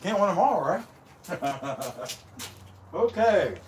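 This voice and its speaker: Casting: middle-aged man, folksy rambling live-stream host, chews while he talks, slightly higher voice, faint hiss behind. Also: sing-song, extremely slow. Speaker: livestream host, chainsaw carver. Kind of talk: casual live-stream chat.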